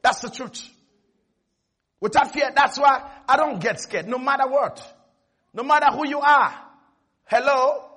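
A man preaching a lively sermon as pastor, emphatic, calling on the congregation to answer, and acting out voices. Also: very high voice, a little slow, pauses often. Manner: emphatic, calls for responses, acts out quotes.

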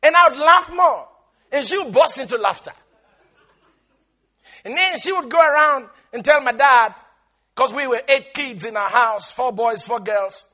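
A male pastor preaching a sermon with animated delivery, drawing words out slowly for emphasis and breaking into laughter. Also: very high voice.

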